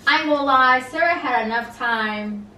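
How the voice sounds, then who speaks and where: A woman's voice: high voice, moderate pace, pushed and bright, a little hiss or hum. A young woman recapping a reality show in casual chat, blunt and opinionated, with many fillers. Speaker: reality TV reviewer. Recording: roomy, mic at a distance, faint ambience.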